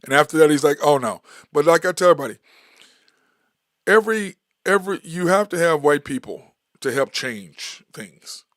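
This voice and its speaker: A middle-aged man hosting a casual sports talk show tells stories emphatically, repeating phrases to drive his points home. His fairly high, expressive voice is fairly bright and moves at normal speed, captured with clean studio sound and no echo.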